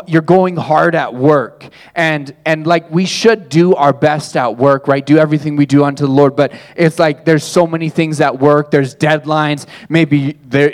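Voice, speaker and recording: A man preaching a conversational sermon, repeating phrases and acting out gasps as he tells a story. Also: a little high. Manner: conversational, repetitive, animated storytelling with acted gasps. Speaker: pastor.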